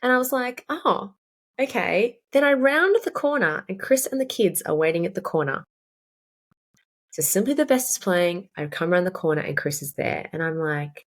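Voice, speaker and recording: In a low-leaning, expressive voice at a moderate pace, a woman in her thirties tells her own story on a podcast. A fitness coach, she's casual, candid and emphatic, with plenty of swearing.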